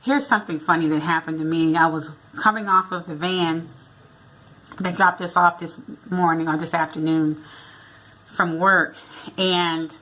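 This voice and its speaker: Chatty woman with a bright tone. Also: sits low, steady tone, measured pace. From United States. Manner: chatty, retells a funny encounter with quoted dialogue. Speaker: vlogger. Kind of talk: casual vlog storytelling.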